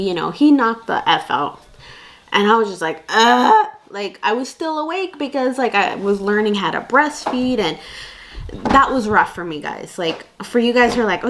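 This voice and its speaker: A woman's voice: on the high side, fairly bright tone. A young woman vlogging candid parenting advice in a casual, chatty way, full of fillers and asides. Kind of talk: casual chat to camera.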